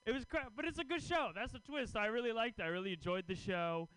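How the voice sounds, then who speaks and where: A man doing a stand-up set in a comedy club, making wry, deadpan asides to the crowd. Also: very high-pitched, fast talker, clear, resonant tone, no room sound, rough recording. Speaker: stand-up comic and festival host.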